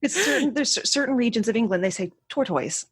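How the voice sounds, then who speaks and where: A woman's voice: on the high side, sing-song, fast, husky, dry recording. An American woman guesting on a podcast, chatting casually with a wry, tangent-prone manner. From United States. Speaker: podcast guest, trivia writer.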